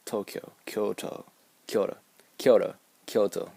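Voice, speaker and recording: A man's voice: lowish voice, fairly even intonation, measured pace, vocal fry, warm tone, husky, dry recording. A young man with a Japanese accent, rambling and musing aloud in a casual vlog. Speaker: vlogger.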